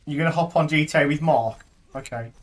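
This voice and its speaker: Joking dad streamer. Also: male voice, a little high, brisk. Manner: jokey, teasing, rambling. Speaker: streamer and father. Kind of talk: casual gaming stream chat.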